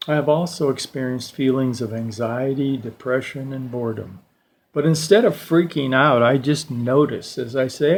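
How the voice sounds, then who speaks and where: An older man giving a slow, reflective personal talk at a church service, telling stories with pauses. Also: medium pitch. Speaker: church lay speaker.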